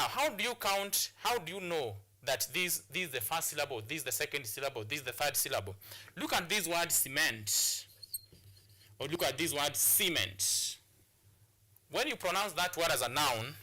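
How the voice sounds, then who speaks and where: A man teaching a televised English lesson in a very bright, ringing voice, pitched a little high. He drills each point by repeating it, with frequent restarts and fillers. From Kenya. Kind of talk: classroom lesson on a TV show.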